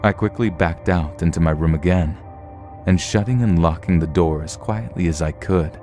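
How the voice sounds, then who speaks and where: A man with a very low, dark voice reads scary stories aloud in a steady, measured way. A faint music bed plays softly behind his narration. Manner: steady, measured storytelling read. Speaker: narrator reading horror stories. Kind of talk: scripted horror story narration.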